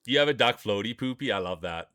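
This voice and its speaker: A man's voice: lowish voice, expressive, fast, bright, forceful tone, dry recording, clean studio sound. A man streaming live, commentating marble races in a chatty way and greeting viewers by name. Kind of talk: play-by-play commentary.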